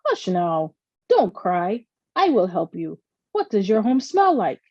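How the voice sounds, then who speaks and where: A woman voicing a kindly male fox in a children's storybook, speaking in a low, soothing voice. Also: sing-song, slow, dark tone, no room sound, lo-fi sound, exaggerated voice.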